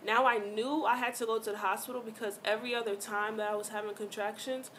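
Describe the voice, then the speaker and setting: A woman vlogger telling a personal story in a chatty, animated way, full of slang and fillers. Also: a little high, fast talker, a little hiss or hum. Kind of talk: casual storytime chat.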